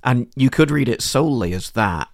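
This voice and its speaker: A man co-hosting a casual book discussion, who speaks in a thoughtful, measured way. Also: mid-range voice, lively intonation, creaky, no room sound, studio quality. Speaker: podcast co-host.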